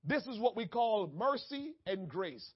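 A pastor preaching a sermon, swinging from quiet asides to shouted lines. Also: male voice, high voice, big pitch swings, a little slow, slightly rough, lo-fi sound.

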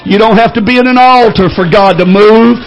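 A man pastor telling a story in a sermon, building into loud, shouted preaching. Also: high voice, a little fast, low-quality recording.

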